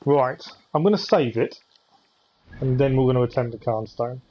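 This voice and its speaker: A man's voice: mid-range voice, moderate pace, lo-fi sound. A man chatting with viewers as he thinks aloud during a live-stream gameplay commentary.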